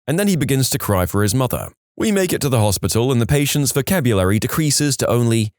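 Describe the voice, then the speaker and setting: A man's voice: medium pitch, very animated, fast, few pauses, no room sound, clean studio sound. A man narrating submitted stories in a scripted storytime style, wry, with joking asides between stories.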